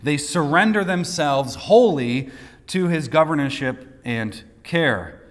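A man's voice: on the high side, expressive, slow. A man preaching a sermon, teaching through a passage with light asides and repeated words. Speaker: pastor. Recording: long hall reverb.

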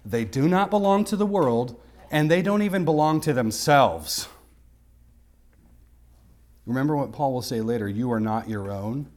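A man, a pastor, preaching an expository sermon with emphatic rises and quiet asides. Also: mid-range voice. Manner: emphatic, rising to sharp exclamations and dropping to quiet asides. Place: church sanctuary.

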